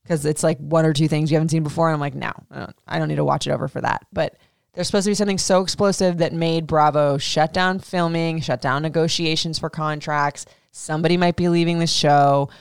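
A woman podcast host giving a casual, animated recap rant about a reality show. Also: sits low, clear, resonant tone, no room sound, studio quality. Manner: animated, indignant, swearing.

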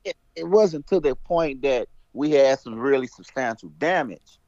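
A man on a podcast, animated, acting out the lines of people in his stories. His voice sounds dry and close, with a slightly dull, muffled tone. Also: medium pitch, normal speed, no echo. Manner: animated storyteller, acts out dialogue. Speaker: podcast guest, veteran. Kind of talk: casual chat.

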